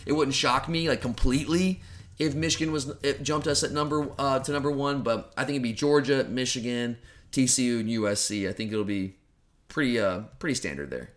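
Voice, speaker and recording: Fast-talking male sports podcaster. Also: medium pitch. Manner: rambling, opinionated, self-deprecating. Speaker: podcast co-host. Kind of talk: casual sports podcast chat.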